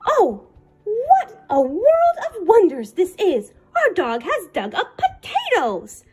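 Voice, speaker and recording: Gentle wise old papa, sage sayings, woman reading aloud, high lively voice, storybook. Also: normal speed. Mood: joyful. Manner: sage, warm proverbs. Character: kindly wise old father, gentle and philosophical.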